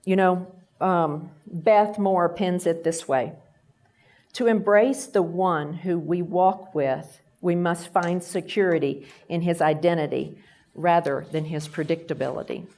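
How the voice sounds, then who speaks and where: Unhurried and fairly low, with a darkish tone, the voice is that of a middle-aged Texan woman with a Texan accent. As guest speaker, she gives a faith-based leadership talk at a lunch event, storytelling and acting out the quoted voices.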